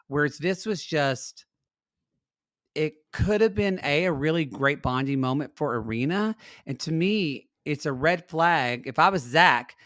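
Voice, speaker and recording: A man's voice: on the high side, fairly bright tone, no room sound, clean studio sound. A man co-hosting a podcast, talking through a reality show in an earnest, openly emotional way. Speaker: podcast co-host. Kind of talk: casual recap chat.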